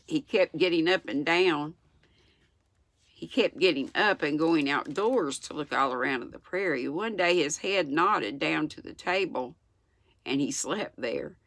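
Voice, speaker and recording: A woman in her sixties with a Southern US accent, reading a children's book aloud in a gentle, unhurried way with small slips. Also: low voice, dry recording. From United States. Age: 60s. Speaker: channel host reading aloud. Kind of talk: storybook read-aloud.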